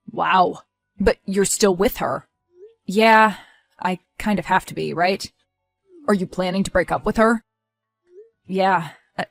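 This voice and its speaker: A woman voicing a worried, earnest young man who is about to become a father, speaking softly. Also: on the low side.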